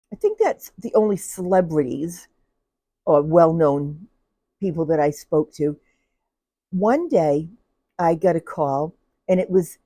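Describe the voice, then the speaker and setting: An older woman with a low, mellow voice tells her stories casually into a close, dry mic. She is chatty and laughs often as she tells them, acting out the people she met. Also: no echo. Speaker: retired telephone operator telling stories. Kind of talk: casual personal storytelling.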